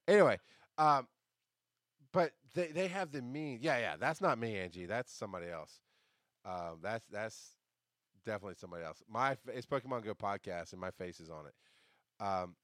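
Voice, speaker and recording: A man hosting a podcast, telling a story in a casual monologue, jumping between loud outbursts and quiet asides and swearing as he rants. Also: on the low side, normal speed, no echo, clean studio sound. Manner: swears casually while ranting. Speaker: podcast host.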